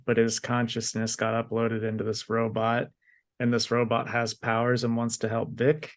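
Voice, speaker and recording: Laid-back male podcast co-host, slow delivery, lower voice, dry close mic. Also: dry recording. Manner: relaxed, unhurried, frequent fillers. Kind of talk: casual comic book review chat.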